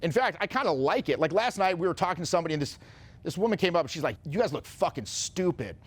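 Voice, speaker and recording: A man coaching on social confidence, telling stories and giving advice in a casual, profane, animated way. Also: on the high side, racing. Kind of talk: casual motivational talk.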